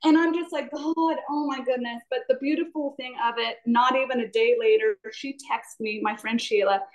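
Eager woman, slightly high voice, rambling and apologetic testimony over a video call. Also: steady tone, moderate pace, poor audio. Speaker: class participant. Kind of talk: sharing a personal testimony.

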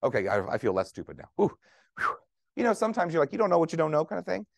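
Fast, chatty male nurse lecturer. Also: a little high, very animated, gravelly, no echo. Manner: conversational, jokey, asks audience questions. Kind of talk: conference lecture to clinicians.

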